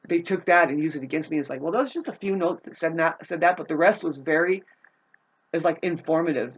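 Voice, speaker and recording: A woman's voice: low-pitched, dull audio. A woman telling a personal grievance in a casual, rambling monologue, agitated and profane, with frequent restarts.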